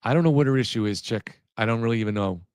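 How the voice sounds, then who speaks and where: A man's voice: mid-range voice, very fast, a little mellow, clean tone, no room sound, clean studio sound. Rambling man hosting a livestream. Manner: rambling, restarts mid-sentence, chats with viewers. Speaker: livestream host. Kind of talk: casual livestream commentary.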